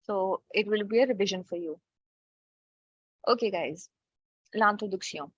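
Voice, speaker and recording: A woman's voice: mid-range voice, a little slow, dry recording. A woman teaching French in an online class, explaining step by step and checking in with "okay" often. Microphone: video call. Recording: dull lo-fi online call audio.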